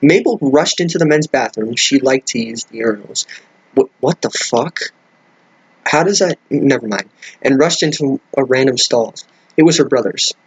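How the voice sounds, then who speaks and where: A man's voice: medium pitch, expressive, normal speed, slightly rough. A man reading a crude story aloud, stumbling over words and breaking off with incredulous, swearing remarks. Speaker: comedic reader. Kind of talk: reading a fan fiction aloud with commentary.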